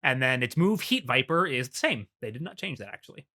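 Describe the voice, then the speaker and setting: A man co-hosting a podcast, excitedly retelling scenes in casual chat, swearing often and leaning on "like" as filler. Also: mid-range voice, a little fast. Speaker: podcast co-host.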